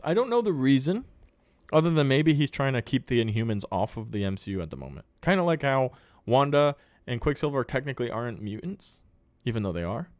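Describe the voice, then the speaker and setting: A man's voice: medium pitch, darkish tone, no room sound. A man hosting a casual live podcast, reading viewer comments aloud and answering them in an upbeat, chatty way. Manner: upbeat, thanks viewers, answers questions on the fly.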